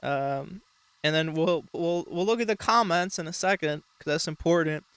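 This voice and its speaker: A man's voice: fairly high pitch, moderate pace, fairly bright tone, clean tone, no echo. A man hosting a show, talking in a rambling, mock-serious casual way with frequent swearing. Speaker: show host. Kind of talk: casual comedic commentary.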